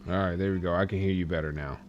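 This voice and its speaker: A man's voice: deep voice, fairly even intonation, very fast, muffled recording, background noise. Easygoing man chatting on speakerphone. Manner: playful, teasing, gentle with his child. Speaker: streamer and father. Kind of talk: casual phone chat.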